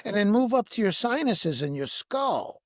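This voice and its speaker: High, lively-voiced man guiding a breath meditation. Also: no room sound. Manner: slow, soothing instructive guidance with repeated questions. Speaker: breathwork teacher, podcast guest.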